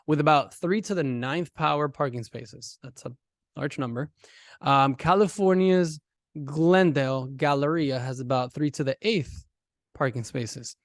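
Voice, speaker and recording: Animated man teaching a math lesson. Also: fairly high pitch, moderate pace, no room sound, studio quality. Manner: animated, talks directly to students. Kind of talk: casual classroom lesson.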